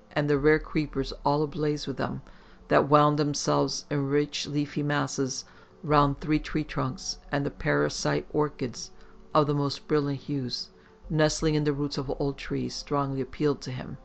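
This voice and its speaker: A man giving a steady, measured scripted narration of a horror story. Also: fairly high pitch, creaky. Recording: faint background music.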